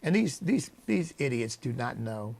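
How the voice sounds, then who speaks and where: This radio host is very animated, speaking a little slowly in a creaky voice. His preacherly opinion monologue shifts between low asides and loud, emphatic peaks.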